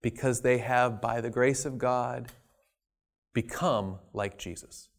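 A man preaching a sermon, stressing key words loudly and then dropping to quiet asides. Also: medium pitch, fairly even intonation, slow pace, vocal fry. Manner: emphatic, swinging between loud stresses and quiet asides.

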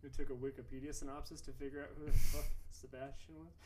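A man's voice: mid-range voice, level tone, fast, a crowd in the background. Sarcastic male podcast co-host. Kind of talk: casual chat.

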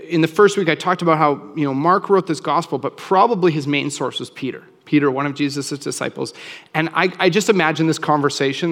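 Male pastor, chatty animated preaching, slightly high pitch, reverberant hall. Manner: casual, animated, acts out quoted voices. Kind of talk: sermon.

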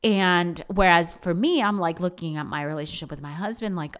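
A woman's voice: fairly low pitch, brisk, hardly any pauses. A middle-aged woman giving an earnest, casual motivational talk, repeating herself and restarting her sentences often. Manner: earnest, repetitive, many restarts and fillers. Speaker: speaker on affirmations.

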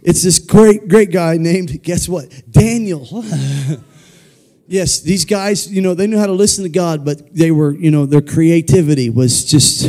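A man's voice: a little high, fairly even intonation, measured pace, darkish tone. A man preaching a playful, jokey children's sermon in a church, leading the crowd in call-and-response. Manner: playful, jokey, leads the crowd in repeat-after-me calls. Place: church sanctuary.

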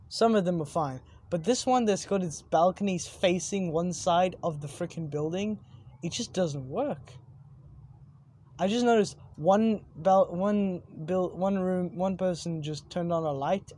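Outdoors at night overlooking buildings, a young adult vlogger rambles casually, swearing often and breaking off mid-word to self-correct. The voice is mid-range with a dark tone, over a little hiss or hum.

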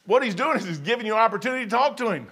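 A man preaching a casual sermon, rambling and folksy as he tells stories and reads scripture slowly. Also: high-pitched, lively intonation, husky. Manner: reads scripture slowly, then trails off quietly.

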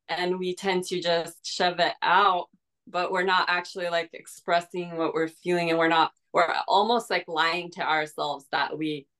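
A woman's voice: sits low, a bit bright. A woman hosting an interview, talking in a casual, reflective way with many fillers. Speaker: show host. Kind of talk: interview conversation.

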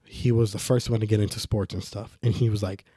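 Podcast host, young man, low mellow voice, rambling casual monologue, dry close recording. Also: fairly quick, breathy edge, no echo. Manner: rambling, animated when quoting others.

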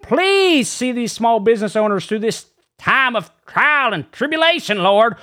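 Man doing a reverend, very high voice, rambling comedic prayer, says "Lord" constantly, stumbles over words. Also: big pitch swings, unhurried, sharp tone, heavily acted. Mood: fervent. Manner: says "Lord" after nearly every phrase, trips over his words. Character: excitable rambling male reverend. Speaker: guest preacher character. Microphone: studio dynamic mic.

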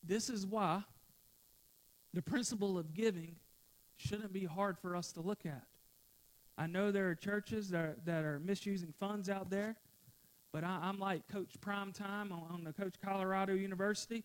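A man's voice: sits high, fairly even intonation, normal speed. A male pastor preaching a sermon to his church, repeating phrases for emphasis and getting out of breath.

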